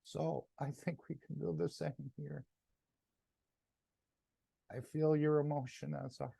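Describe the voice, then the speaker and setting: Man, meeting participant, reflective, dark and dry voice. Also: a little high, level tone, gravelly, slightly rough, dry recording. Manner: slow, gentle and reflective. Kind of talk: casual group-meeting talk.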